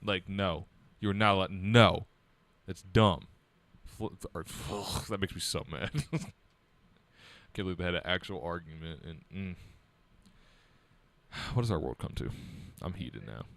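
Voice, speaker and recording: A man's voice: low voice, animated, a little slow, gravelly, pauses often, fairly bright tone. A man co-hosting a casual podcast among friends, blunt and teasing, getting worked up as he talks. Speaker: podcast co-host. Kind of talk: casual chat.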